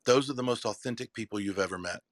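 A man speaking as a keynote speaker and messaging coach, delivering a motivational talk to a live audience in an emphatic, preacher-like cadence with dramatic pauses and repeated phrases. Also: lowish voice, dry recording.

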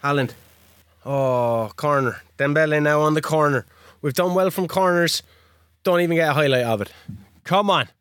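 Man, podcast co-host, high bright voice, rowdy jokey play-by-play, dry close sound. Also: moderate pace, smooth, no echo. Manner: shouty, swearing, jokey play-by-play. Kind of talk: excited live game commentary.

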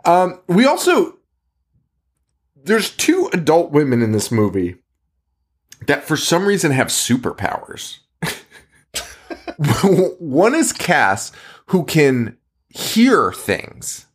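A man's voice: a little high, huge pitch swings, very slow, pauses often, slightly rough. A man co-hosting a podcast in casual chat, laughing and swearing as he recaps things. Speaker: podcast co-host.

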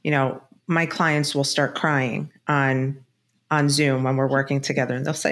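Middle-aged woman, low register, frank and encouraging guest expert. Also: moderate pace. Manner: frank, reassuring, emphatic. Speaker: divorce specialist and author, guest. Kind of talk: conversational podcast interview.

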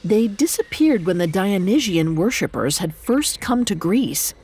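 A woman narrating a dark storybook myth in a measured, dramatic way. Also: mid-range voice, expressive, breathy edge. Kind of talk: scripted narration.

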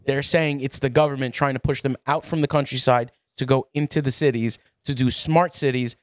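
A man co-hosting a casual podcast chat, talking in an animated way, swearing and laughing often. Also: medium pitch, a little fast, no echo, studio quality. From New York. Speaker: podcast co-host.

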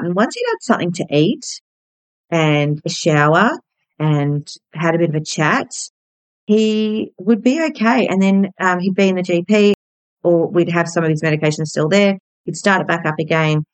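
A woman in her thirties speaks gently and candidly, reflecting as she tells a personal story on her podcast. Her voice sits on the low side, and the recording is dry and close to the mic. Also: no echo, rough recording. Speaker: podcast host.

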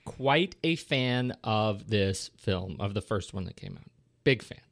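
A man's voice: fairly low pitch, expressive, measured pace, dry recording, studio quality. A man co-hosting a casual film podcast, enthusiastic and joking, with frequent restarts. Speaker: podcast co-host.

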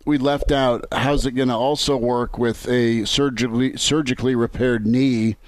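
A man's voice: mid-range voice, fairly even intonation, moderate pace, no room sound. Easygoing sports radio man, dry studio. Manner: easygoing, chuckles often. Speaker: sports talk host. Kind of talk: casual sports radio banter.

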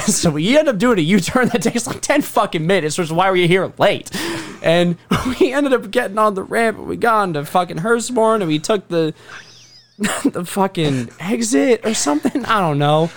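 A young man tells a comic story as an exasperated rant, swearing freely and laughing through his own complaints. His pitch swings widely, from low grumbling to high, outraged peaks. He sounds like a podcast co-host sitting with friends. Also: animated, normal speed, a little hiss or hum. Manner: profane, exasperated, laughing ranter.

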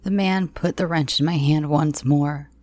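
A woman narrating dark first-person audio fiction in a slow, hushed, often near-whispered manner. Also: low-pitched, steady tone, dry recording.

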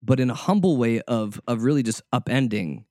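A man's voice: medium pitch, expressive, fairly quick, darkish tone, no echo, studio quality. A male preacher giving a conversational sermon, informal and often repeating words as he searches for the next one.

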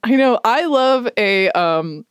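Lively, laughing woman podcast co-host. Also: fairly high pitch, slow pace, smooth, dry recording, studio quality. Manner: laughing, joking, chatty. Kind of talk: casual chat.

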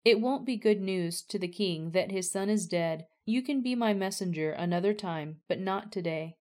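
A stern male army commander who refuses flatly, read by a woman in a scripture reading. The voice sits a little lower and stays firm. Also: moderate pace, close to an everyday voice.

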